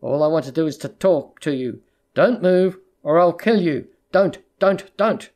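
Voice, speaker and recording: A narrator voicing a tearful, unwell woman who pleads timidly and then threatens in a hushed, tense voice. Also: medium pitch, unhurried, close to an everyday voice. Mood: tense threatening. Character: desperate unstable woman, former employee. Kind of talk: audiobook character reading.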